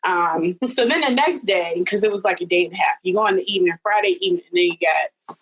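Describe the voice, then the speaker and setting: A woman in her thirties telling a personal story as a podcast guest, animated, with high leaps when she quotes people. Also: fast talker, husky, rough recording. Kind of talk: storytelling in casual chat.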